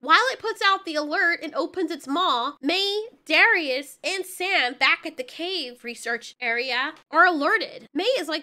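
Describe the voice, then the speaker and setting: A woman giving a casual, animated show review, swearing and joking as she goes. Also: high voice, unhurried, hardly any pauses, background noise.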